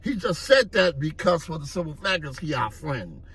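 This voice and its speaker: A man from Harlem, telling street stories in an animated way and acting out the voices. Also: on the high side, normal speed, breathy edge. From Harlem, New York. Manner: animated, acts out voices, repeats "you know what I mean". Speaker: storyteller. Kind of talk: street storytelling vlog.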